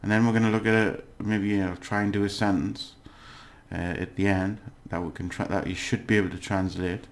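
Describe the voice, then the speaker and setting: This language teacher, a man with a low voice, gives a casual recorded lesson recap with little movement in pitch. He stays patient, pauses with "uh," and frequently asks "okay?"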